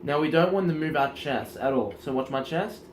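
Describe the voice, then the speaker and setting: A man coaching in casual instructional talk, energetic and demonstrative, often checking in with the listener. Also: on the high side, normal speed, slight background noise. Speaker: self-improvement coach.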